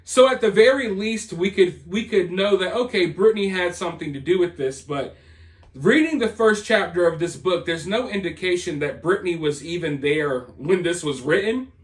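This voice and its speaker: High-voiced sarcastic man ranting. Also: animated, normal speed. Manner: sarcastic, dismissive, rambling. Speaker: commentary channel host. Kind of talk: opinionated commentary monologue.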